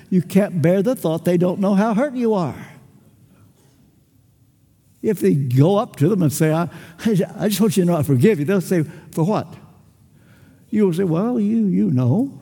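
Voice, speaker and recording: An older man delivers a sermon with emphatic, measured phrasing. He acts out small dialogues between people and lets long pauses hang. His voice is high but mellow, ringing in a reverberant hall. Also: breathy edge. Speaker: preacher.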